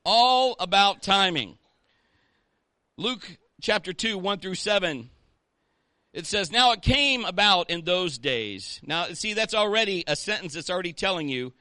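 A man's voice: on the high side, pushed and bright, dry recording. A man, a pastor, preaching a sermon in a conversational way and rallying the congregation with call-outs.

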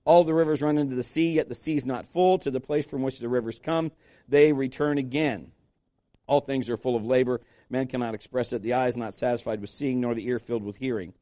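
A male pastor delivering a conversational sermon, with lively asides to his congregation and read scripture passages. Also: medium pitch, a little fast, no echo, clean studio sound.

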